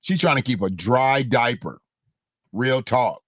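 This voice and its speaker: A man's voice: mid-range voice, unhurried, no echo, studio quality. A man hosting casual political commentary, blunt and slangy, mocking and repeating phrases for emphasis. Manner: blunt, slangy, mocking, laughs at own jokes. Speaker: host.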